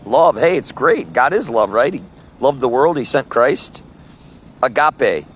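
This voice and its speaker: A man's voice: medium pitch, animated, a little slow, husky. A man teaching a Bible study in sermon style, emphatic and full of rhetorical questions, stretching out Greek words. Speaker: preacher.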